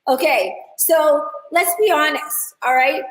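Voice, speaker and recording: A high-voiced woman leads a live online class in a chatty, animated way, calling on viewers in the chat. Her voice carries the echo of a roomy space. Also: slow. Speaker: hair educator.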